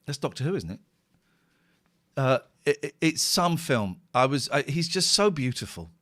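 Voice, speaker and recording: Man, middle-aged, radio host, tired, emotional, rambling, lively pitch, dry studio sound. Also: normal speed, no room sound. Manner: emotional, rambling, tearful at times. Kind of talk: casual radio chat. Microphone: studio microphone.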